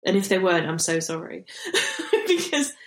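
A woman's voice: on the low side, sing-song, moderate pace, a bit bright, rough recording. A woman co-hosting a podcast, chatting casually, rambling and laughing a lot, with a self-admitted mumble and casual swearing. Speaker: podcast co-host. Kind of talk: casual chat.

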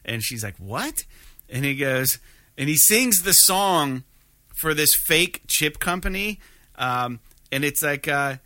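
A man's voice: fairly high pitch, lively intonation, slow pace, pushed and bright, no room sound, clean studio sound. A man casually chatting about a video game, rambling with many fillers and restarts.

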